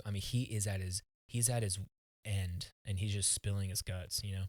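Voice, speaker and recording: A man with a fairly low voice tells a personal story as a podcast guest, earnest and halting, often restarting his words. The sound is dry and close, with no room around it. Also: steady tone, darkish tone, dry recording. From United States.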